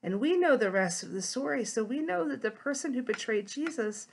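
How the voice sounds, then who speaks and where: A woman deacon gently telling a children's Bible story and explaining it. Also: a little high, animated, brisk, gravelly, a little hiss or hum.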